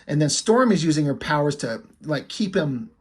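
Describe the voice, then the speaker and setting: Husky-voiced man chatting casually about comics. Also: a little high, expressive, moderate pace. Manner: loose and profane, thinking aloud; admiring, lingers on the art. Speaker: comic book reviewer.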